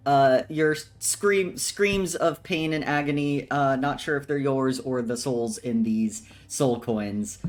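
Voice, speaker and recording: A woman narrating as game master of a tabletop game, relaxed and chuckling, with frequent ums. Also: a bass voice, takes it slowly, hardly any pauses.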